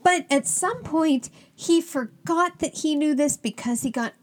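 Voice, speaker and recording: A woman's voice: high-pitched, measured pace. A woman co-hosting a podcast, casually recapping a book with wry comments and frequent laughs. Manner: wry, laughs often, likes to complain. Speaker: podcast co-host. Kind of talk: casual book-review chat.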